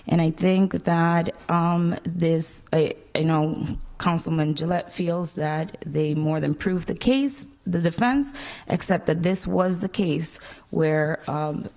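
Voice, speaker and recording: A woman's voice: on the low side, slow, a little mellow. A woman serving as a city councilwoman, plainly explaining her vote during a council debate. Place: council chamber.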